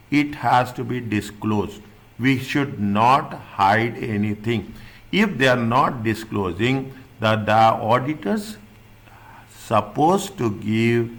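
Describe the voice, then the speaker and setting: A man at a middle pitch teaches an accounting exam class. He talks in loose spoken sentences, restarting and rephrasing. He often checks in with the students before moving on. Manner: repeats points, checks understanding with "is it right?"; restarts and rephrases often, non-native phrasing. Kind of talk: classroom lecture.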